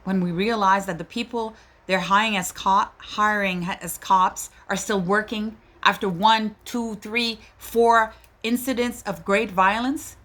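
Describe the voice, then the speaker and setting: A woman's voice: medium pitch, steady tone, measured pace, a bit bright. A woman, a mother, giving an emotional monologue, pleading and indignant. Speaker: mother speaking out. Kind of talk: impassioned personal monologue.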